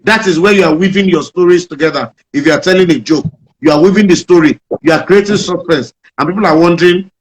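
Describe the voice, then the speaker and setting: A Nigerian man, a comedian being interviewed, explaining his craft and telling jokes in an animated storytelling manner with a Nigerian accent. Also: sits high, fast talker, poor audio. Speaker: comedian guest.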